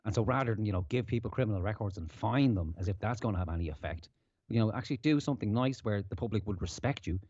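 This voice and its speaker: Mellow-voiced man ranting. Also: on the low side, quick pace, slightly rough, dry recording, lo-fi sound. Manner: ranting, heavy swearing. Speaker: podcast host. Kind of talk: casual profane commentary.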